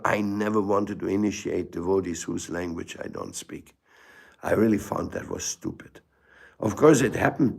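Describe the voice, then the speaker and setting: Older man with a gravelly, husky voice. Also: on the low side, a little mellow. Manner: storytelling, halting restarts, rhetorical asides. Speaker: guru giving a spiritual talk. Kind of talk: informal spiritual lecture.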